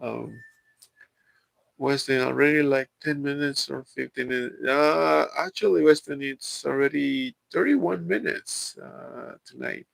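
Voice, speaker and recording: Gravelly man with a Mexican accent. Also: mid-range voice, fairly bright tone, no room sound, poor audio. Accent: Mexican Spanish. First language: Spanish. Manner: halting, many fillers and restarts, chuckles often. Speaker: livestream host. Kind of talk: casual live-stream chat reading viewer comments.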